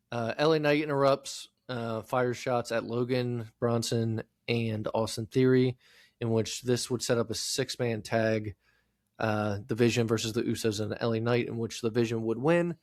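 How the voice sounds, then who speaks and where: A man's voice: medium pitch, dry recording, studio quality. A man co-hosting a casual podcast, running through recap notes in a matter-of-fact way with frequent ums. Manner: matter-of-fact, listing events with filler ums. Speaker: podcast co-host.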